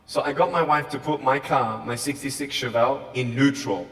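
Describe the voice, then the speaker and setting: An Australian man giving an animated motivational speech to a school audience, swinging between quiet talk and shouting. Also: mid-range voice, normal speed. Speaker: motivational speaker. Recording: echoey hall, far from the mic.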